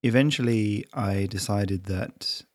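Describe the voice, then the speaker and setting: Low-voiced man reading his story. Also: slow, no echo. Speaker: author and narrator.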